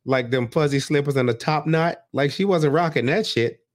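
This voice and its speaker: A man's voice: a little high, normal speed. A man co-hosting a podcast, chatting in slangy, profane, playful banter. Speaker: podcast co-host. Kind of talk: casual chat recapping a reality show.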